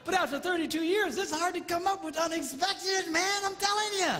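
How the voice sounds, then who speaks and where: Man in his fifties, high bright voice, comic marriage seminar, reverberant hall, faint hiss. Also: normal speed. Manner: animated, breaks into squealing impressions of women. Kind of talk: comedic seminar talk to a live audience. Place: large hall with audience.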